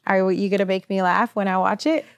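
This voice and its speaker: A woman's voice: mid-range voice, steady tone, a little fast, smooth, no echo, studio quality. A woman hosting her podcast in a casual chat, blunt and chatty, swearing freely as she talks. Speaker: podcast host.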